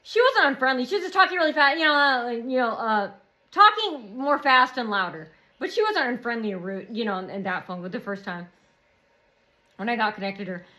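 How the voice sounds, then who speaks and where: High-voiced woman rambling in a vlog. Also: expressive, fairly quick, bright, forceful tone. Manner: rambling and repetitive, circling back often. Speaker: vlogger. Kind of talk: rambling personal monologue.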